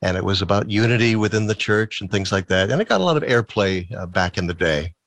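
A talkative man with a low voice tells anecdotes in a relaxed interview. He is from Massachusetts, but his accent now sounds close to Midwestern. The recording is very dry, close to the mic. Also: quick pace, no echo. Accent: neutral American, Midwestern-sounding. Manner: chatty, storytelling, laughs often. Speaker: radio guest. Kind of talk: casual interview chat.

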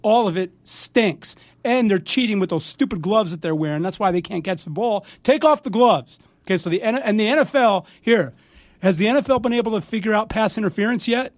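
High-pitched older man ranting angrily. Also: expressive, a little fast, no echo. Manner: angry, fired-up ranting with stammered restarts. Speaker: sports talk guest. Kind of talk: ranting radio talk. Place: radio studio. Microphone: studio mic with headphones.

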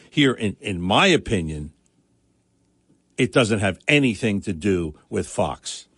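A man's voice: on the low side, fairly bright tone, slightly rough, dry recording, studio quality. A middle-aged man hosting a political talk radio show, with an emphatic, indignant manner and frequent restarts.

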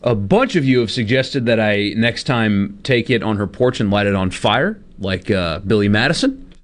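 A man's voice: lowish voice, lively intonation, normal speed. A man in his thirties co-hosting a radio show, chatting casually and laughing at himself. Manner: chatty, self-deprecating, laughs often.

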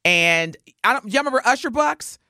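A woman's voice: fairly high pitch, fairly quick, no room sound. A woman co-hosts a morning radio show, spinning a story with a voice that swings widely up and down. She slips into the voices of the people she describes. The studio sound is dry and close. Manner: animated, acts out voices while telling a story.

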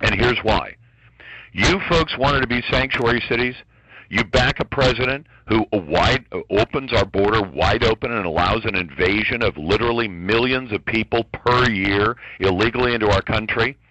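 A man's voice: fairly low pitch, moderate pace, pushed and bright, no echo, dull audio. A man speaking as a guest commentator on a radio talk show, ranting in a heated, emphatic way.

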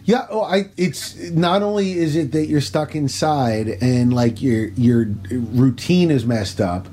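A man, a comedian, chatting on a video call with dry, wry jokes and halting "uh" pauses. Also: mid-range voice, mellow, slight background noise. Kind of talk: casual chat on a video call.

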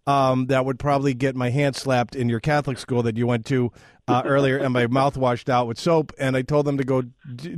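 A man hosting a radio interview, an animated storyteller who acts out both sides of a phone call. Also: mid-range voice, dry recording, studio quality. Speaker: radio show host.

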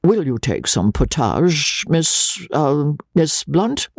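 A man doing a stiff, priggish young gentleman. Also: fairly high pitch, sing-song, slow, vocal fry, no echo, clean studio sound, voice pushed up, exaggerated voice. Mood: hesitant.

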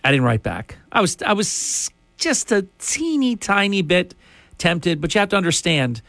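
A man's voice: high voice, sing-song, normal speed, a bit bright, no room sound. A man hosting a talk radio show, ranting emphatically and indignantly into a studio microphone.

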